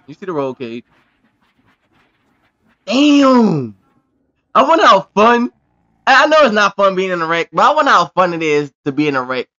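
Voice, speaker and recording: A man hosting a reaction video, with excitable, exclamatory commentary full of profane slang. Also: a little high, dull audio.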